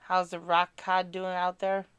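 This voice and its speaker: A woman's voice: lowish voice, completely flat delivery, a little slow, fairly bright tone, clean tone, dry recording. Chatty woman streamer in a dry room. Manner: chatty, rambling, candid and self-deprecating. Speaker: live streamer reading and answering chat. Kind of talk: casual live-stream chat.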